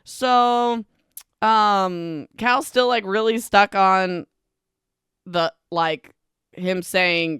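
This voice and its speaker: A woman's voice: mid-range voice, extremely slow, fairly bright tone, smooth, no room sound, clean studio sound. A young woman hosting a book podcast, chatting casually through a chapter recap with lots of fillers and wry asides.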